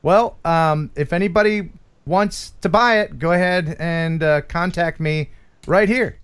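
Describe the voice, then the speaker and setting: An American man hosts a casual live stream, cracking jokes and reading chat comments aloud. His voice sits on the high side, a bit bright, clear, and resonant, and he speaks at a measured pace.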